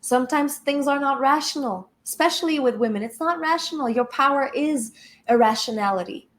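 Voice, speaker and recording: A woman's voice: sits high, fairly quick. A woman spiritual coach giving an emphatic, blunt motivational talk with casual swearing.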